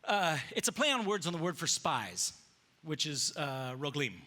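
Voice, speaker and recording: A bright, animated pastor delivers a sermon in a church sanctuary with slides, speaking on the high side at normal speed. He tells stories with energy, acting out biblical characters and using casual slang.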